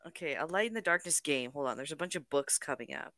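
A woman's voice: low-pitched, animated, pushed and bright, dry recording, clean studio sound. A woman co-hosting a podcast, casually chatting and cutting in with questions. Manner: interjecting with questions, quick laughs. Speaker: podcast co-host. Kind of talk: casual chat.

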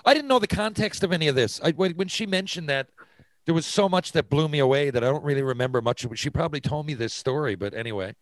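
A man from Newfoundland hosting a casual interview, excitable and quick to jump in with asides. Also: on the high side, dry recording. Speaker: podcast host.

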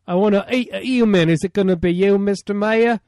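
A man's voice: high-pitched, fairly quick, darkish tone, no echo, studio quality, voice pushed up. A man voicing a hungry, boastful male shark that threatens to eat a human. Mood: menacing.

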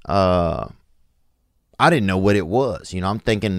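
A low-voiced man rambles through a comic story, stopping and restarting his sentences over and over. The sound is close and completely dry, with no room at all. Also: animated, dry recording. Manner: meandering, halting, full of fillers and restarts. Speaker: podcast host.

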